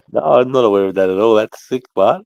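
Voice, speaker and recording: A deep-voiced man hosts a casual live stream. His low voice sounds dry and close. He chats loosely, swears freely and greets viewers as they come in. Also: vocal fry, darkish tone, no echo. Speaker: livestream host.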